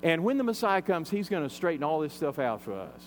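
A man preaches in a slightly high voice. He retells a scripture story in a loose, conversational way, with frequent fillers. A faint mains hum sits under the recording. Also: sing-song, a little fast. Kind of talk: sermon retelling a Bible story.

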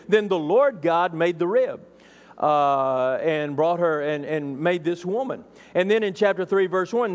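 A man's voice: a little high, long reverb tail. A man preaching an expository sermon as a pastor, emphatic and building up through repeated phrases.

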